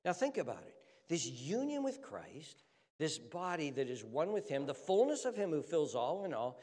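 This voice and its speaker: A man delivers a sermon in a high, ringing voice. He reads scripture aloud and drives home each line with emphatic preaching. His words trail off into the long echo of a large church hall. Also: sing-song, normal speed, darkish tone. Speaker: pastor.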